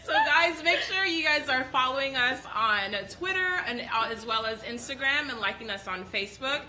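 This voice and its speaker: A woman's voice: sits high, animated, moderate pace, sharp tone, slight background noise, low-quality recording. A young woman co-hosting a talk show, giggly and enthusiastic. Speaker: co-host. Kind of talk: casual talk show chat.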